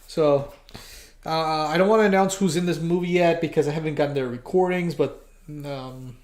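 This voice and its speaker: A livestream host who animates talks casually to viewers, stumbling over words and restarting sentences. The voice sits at a middling pitch. It rings in a roomy, echoey space. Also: a little mellow. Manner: halting, stammering with many restarts. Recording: roomy echo.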